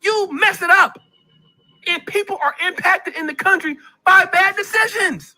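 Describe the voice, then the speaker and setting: A man's voice: very high-pitched, moderate pace, bright, forceful tone. A man hosting a commentary vlog, ranting in a preachy way, repeating himself and calling out people by name.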